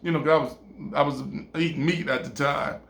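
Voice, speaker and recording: A man casually telling a story, animated and stammering over repeated words. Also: fairly high pitch, brisk. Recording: roomy echo.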